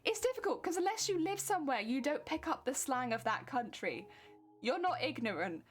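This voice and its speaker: A woman's voice: sits high, sing-song, normal speed, soft background music. A young British woman streamer chatting casually and giggling as she answers her viewers. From Britain. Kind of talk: casual chat with live chat.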